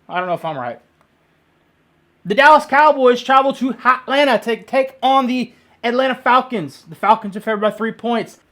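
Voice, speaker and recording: A man giving his weekly football picks in a casual monologue. He talks bluntly and excitably, with jokes and the odd loud burst. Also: high-pitched. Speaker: sports picks vlogger.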